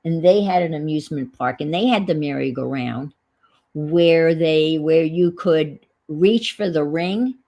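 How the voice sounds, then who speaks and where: Woman, New England accent, livestream host, husky, unhurried chatty reminiscing. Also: deep voice, mellow, muffled recording. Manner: chatty, reminiscing, reading viewer comments aloud. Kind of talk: casual livestream chat.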